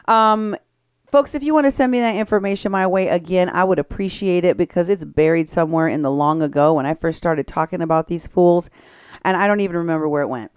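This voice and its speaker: A woman hosting an opinionated political commentary show, talking briskly and sarcastically and laughing at her targets. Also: lowish voice, a little mellow, smooth, no room sound, studio quality.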